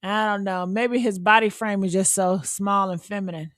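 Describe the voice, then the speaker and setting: A woman commenting casually on a story, blunt and profane, swinging between loud outbursts and low muttering. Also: steady tone, normal speed, no room sound, clean studio sound.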